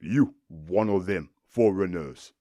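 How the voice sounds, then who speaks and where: A man doing a slow, gruff warrior guard. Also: deep voice, expressive, dark tone, no room sound, heavily acted. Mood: suspicious. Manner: slow, broken, suspicious speech in a thick accent. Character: gruff dim-witted male village warrior guard.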